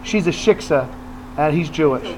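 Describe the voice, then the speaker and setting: A man's voice: fairly high pitch, lively intonation, normal speed, a little hiss or hum, poor audio. A man hosting a radio show, telling long jokes with relish in casual banter. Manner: tells long jokes with relish, acting out lines.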